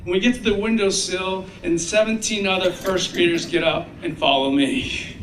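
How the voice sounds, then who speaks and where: A man with a fairly high voice gives a ceremonial graduation speech, telling stories and playing out the children's parts with lively energy. He sounds distant and echoey, as if heard through a sound system across a big space, with faint noise beneath. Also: moderate pace. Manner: animated storyteller, acts out children's voices. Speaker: commencement speaker.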